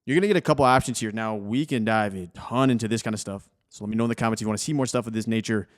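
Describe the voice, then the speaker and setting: A man's voice: lowish voice, very fast. A young adult man hosting a screen-recorded coding tutorial, casual and encouraging as he talks viewers through each step.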